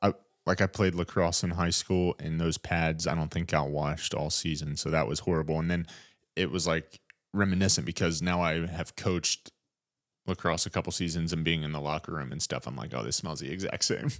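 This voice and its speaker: A young man with a very low, deep voice, chatting casually as a podcast co-host. He rambles along in a relaxed way, full of fillers. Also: moderate pace. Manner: laid-back, rambling with fillers. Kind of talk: casual chat.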